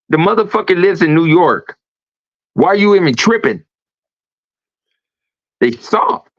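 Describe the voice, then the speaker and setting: A man holds forth on a casual livestream, swearing often and pressing every point. His voice sits a little high. The sound is dry and dull, like low-fidelity stream audio. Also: very animated, a little slow, long pauses, no room sound. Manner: profane, emphatic ranting. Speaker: host.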